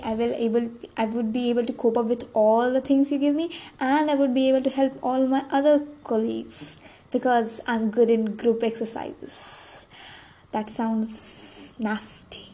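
Young woman rambling on her podcast, mellow voice, bit high, faint noise behind. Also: low-quality recording. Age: young adult. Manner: rambling, self-deprecating, with frequent restarts. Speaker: podcast host. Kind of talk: rambling solo podcast monologue.

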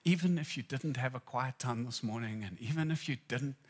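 A man from Zimbabwe preaching a sermon, telling personal stories and swinging between hushed and loud moments. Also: mid-range voice, fairly quick, slightly rough.

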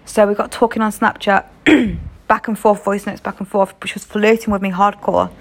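A woman's voice: medium pitch, steady tone, normal speed. A young British woman telling a story in a casual vlog, frank and chatty, swearing freely. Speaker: vlogger.

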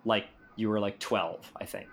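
A man's voice: lowish voice, steady tone, moderate pace, gravelly, a bit bright, faint music behind. A man hosting a podcast in a playful, prodding, jokey way, drawing a story out of his guest. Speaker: podcast host. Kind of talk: casual podcast chat.

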